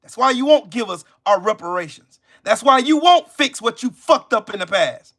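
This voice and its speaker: A man rants to his viewers in a high, sharp, tense voice that leaps up and down in pitch. He is profane and confrontational, and breaks into shouting as he hammers his points home. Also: expressive, moderate pace. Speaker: channel host. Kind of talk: angry livestream rant.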